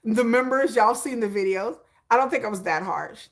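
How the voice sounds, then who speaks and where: A woman hosting a casual livestream tells a long story in an animated, chatty way, rambling, restarting, and acting out little asides. Her voice is a little high and her pace moderate.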